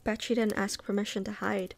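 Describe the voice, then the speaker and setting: A woman reading aloud and voicing an uneasy teenage wizard boy with a flat way of talking. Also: medium pitch, brisk, gravelly, lightly acted.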